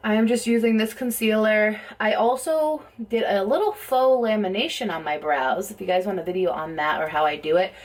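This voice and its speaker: A woman chatting casually at home as she does a makeup tutorial, talking in a rambling way full of "like" and "um". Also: mid-range voice. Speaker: beauty vlogger.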